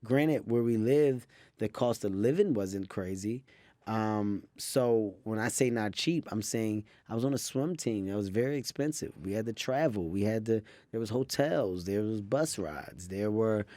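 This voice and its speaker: A man in his thirties, a comedian guest in a studio interview, telling stories in an animated, quick way. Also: on the low side, dry recording. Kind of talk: interview storytelling.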